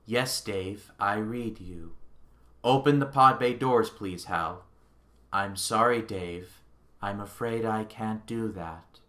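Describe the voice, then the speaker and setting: A man putting on a cold, soft-spoken ship computer. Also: slow. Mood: cold calm. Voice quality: soft, low, deadpan monotone. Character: calm, polite male ship computer, coldly menacing.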